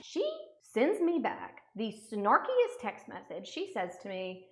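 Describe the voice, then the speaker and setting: A woman's voice: mid-range voice, big pitch swings, takes it slowly. A young woman vlogger telling a story as an indignant, sarcastic rant. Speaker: makeup vlogger. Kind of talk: storytime rant while doing makeup. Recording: roomy echo.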